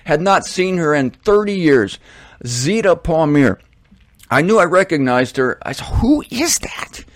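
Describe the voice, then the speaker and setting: A middle-aged man hosting a casual storytelling monologue, rambling and correcting himself with animated asides. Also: a little high, measured pace, dry recording, studio quality. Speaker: host.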